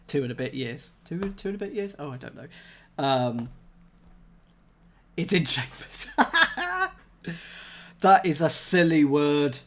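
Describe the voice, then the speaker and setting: A man with a somewhat high voice speaks slowly, with long pauses, as he thinks aloud while solving a cryptic crossword live. He's chatty, reads viewers' chat aloud and laughs at himself.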